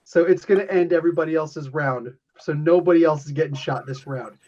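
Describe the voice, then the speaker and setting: A man's voice: on the high side, brisk, a little mellow. A man acting as game master, explaining the rules loosely and laughing often. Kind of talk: running a tabletop game. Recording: dull lo-fi sound.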